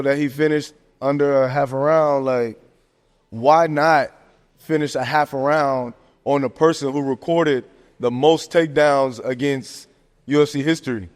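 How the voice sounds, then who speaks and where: A man hosting a podcast, giving casual sports commentary in a slangy, animated rant full of fillers. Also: medium pitch, a little slow. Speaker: podcast host. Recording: long echoing reverb.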